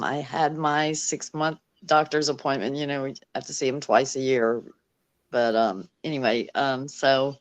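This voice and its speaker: Lady telling a story, lowish voice, laughs a lot, dry close sound. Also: dry recording. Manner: animated retelling, laughs often, many fillers. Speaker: guest. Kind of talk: casual storytelling.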